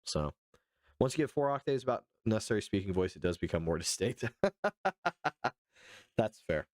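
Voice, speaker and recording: Speaking unhurriedly with big pitch swings, this young man from Arizona has a fairly low, slightly mellow voice. On his casual political livestream he reads articles, answers chat by name, and drops loose, profane, chatty asides. The sound is studio quality with no room sound.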